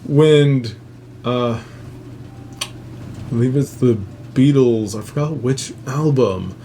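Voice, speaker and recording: A man telling a spooky family story in a loose, rambling way, swearing often and chuckling at his own asides. His voice sits at an ordinary middle pitch, with a faint hum of background noise behind him. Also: slow, mellow. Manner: profane, rambling, laughs at own jokes. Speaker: host. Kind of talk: casual storytelling.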